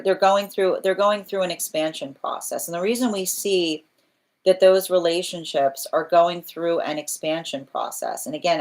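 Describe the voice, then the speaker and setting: Low-pitched woman tarot reader thinking aloud, earnest and repetitive. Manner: earnest, repetitive, often asks "right?"; restarts phrases while thinking aloud. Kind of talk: live tarot reading.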